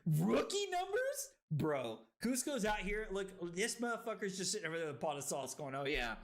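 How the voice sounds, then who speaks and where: Tipsy, excitable male streamer, bright voice. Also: brisk. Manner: excitable, swinging from loud shouts to low muttering; profane, laughing banter with chat. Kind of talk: live stream commentary on a card game.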